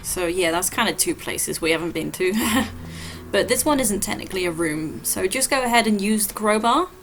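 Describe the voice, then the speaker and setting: A woman giving relaxed, explanatory commentary while playing through a game level. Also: medium pitch, normal speed, a little hiss or hum. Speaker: gameplay walkthrough host. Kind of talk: casual gameplay commentary.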